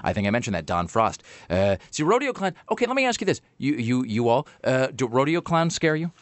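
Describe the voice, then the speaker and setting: A man's voice: medium pitch, sing-song, a little fast, no room sound. A man hosting a radio talk show, chatting and joking with many fillers and restarts into a close studio mic.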